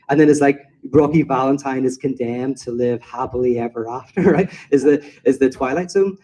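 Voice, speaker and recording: A man's voice: medium pitch, a little fast, few pauses, warm tone, low-quality recording. A man answering audience questions in an informal talk, rambling and acting out quoted voices as he tells stories. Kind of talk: informal lecture Q&A.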